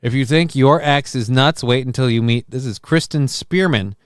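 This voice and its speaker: A man hosting a casual comedy podcast, sarcastic and profane, cracking quick jokes about news stories. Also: medium pitch, clean tone, dry recording, studio quality. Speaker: podcast host.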